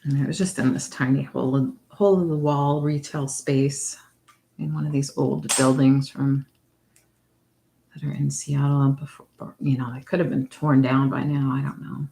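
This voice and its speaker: Low-voiced chatty woman crafting live. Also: little pitch movement, normal speed, gravelly, warm tone, a little hiss or hum. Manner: chatty, meandering, reads out viewer comments. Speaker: craft livestream host. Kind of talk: casual chat with viewers.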